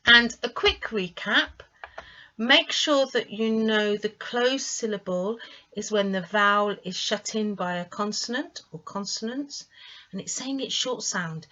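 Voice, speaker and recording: Woman tutor for a pronunciation lesson: slow, deliberate delivery, slightly dull lo-fi audio. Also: mid-range voice, pushed and bright. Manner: slow, clear, encouraging teacher delivery with careful emphasis on sounds. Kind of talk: online teaching lesson.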